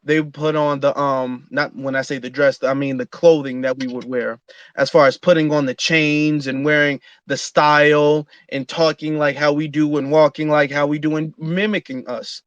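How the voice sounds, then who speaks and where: A man hosts an online audio room in a casual, earnest monologue, pausing often on fillers and restarting his sentences. His voice sits somewhat high for a man. The sound is dry and dull, with a lo-fi quality. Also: steady tone, a bit bright, no echo. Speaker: host.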